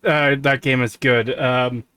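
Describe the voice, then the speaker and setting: A man co-hosting a stream, chatting casually while reacting to a video, swearing freely and breaking into loud laughter. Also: mid-range voice, steady tone, takes it slowly, clean tone, no room sound. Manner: swears, laughs loudly, exasperated outbursts. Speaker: streamer co-host.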